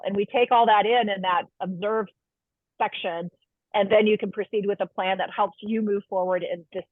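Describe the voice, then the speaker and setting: A woman presents a webinar in a calm, explaining lecture style, often asking her listeners questions. Her voice sits at an ordinary middle pitch. It comes through a thin, phone-like line with a dry sound. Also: dry recording. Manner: warm explanatory, asks the audience questions.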